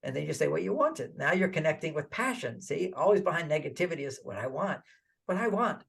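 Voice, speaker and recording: An older man giving relationship advice in an interview, animated and acting out little quoted dialogues. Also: on the high side, brisk, vocal fry. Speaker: relationship author and guest.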